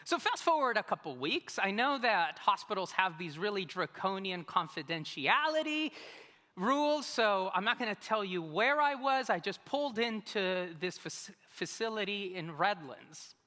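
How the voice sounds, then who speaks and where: A man preaching in a church sanctuary tells a personal story with a lively, swooping voice and a bright, forceful tone. His delivery is humorous and self-mocking, and the sound carries a long hall reverb. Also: high-pitched, moderate pace. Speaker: pastor. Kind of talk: storytelling sermon.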